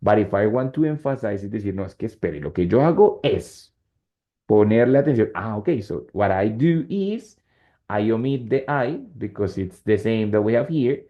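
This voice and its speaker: A man's voice: lowish voice, animated, moderate pace. Man teaching English grammar. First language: Spanish. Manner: switches between English and Spanish, checks in with students often. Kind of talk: online class explaining grammar. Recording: slightly dull lo-fi sound.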